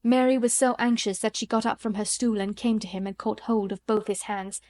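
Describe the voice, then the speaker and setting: Female audiobook narrator, measured delivery, dry studio sound. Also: mid-range voice, steady tone, darkish tone, no room sound. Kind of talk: scripted narration.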